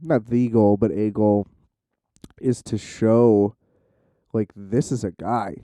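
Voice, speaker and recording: A man's voice: on the low side, steady tone, slow, dark tone, dry recording. A man hosting his own podcast, rambling casually with plenty of fillers and swearing. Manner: rambling, profane, lots of fillers; self-described shy. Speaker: podcast host. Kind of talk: casual solo podcast monologue.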